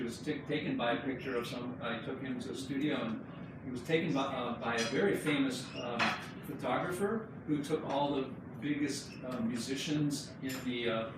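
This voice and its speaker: A man giving an informal slideshow talk about his book to friends and family, telling the story in a chatty, joking way. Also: medium pitch. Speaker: book co-author presenting his book. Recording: echoey room, distant mic, background noise.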